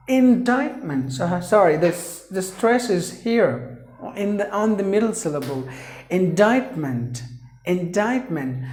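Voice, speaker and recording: A man's voice: on the high side, darkish tone, echoey room. A man teaching a pronunciation lesson, repeating each word several times and drawing it out for drilling.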